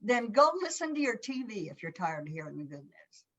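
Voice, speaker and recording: A woman's voice: medium pitch, very animated, fairly quick. A woman co-hosting a spirituality talk show, blunt and fiery, swearing freely in casual chat.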